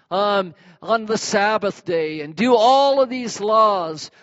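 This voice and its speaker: A male pastor preaching a sermon in a lively, animated way, acting out everyday examples. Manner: animated, acts out examples with sudden high bursts. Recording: dull sound with long hall reverb.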